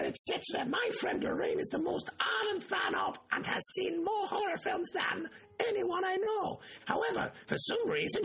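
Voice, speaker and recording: A squeaky falsetto fan reading his letter. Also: creaky, a bit bright, full character voice. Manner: breathless, cracking falsetto reading. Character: squeaky, excitable male fan writing a letter.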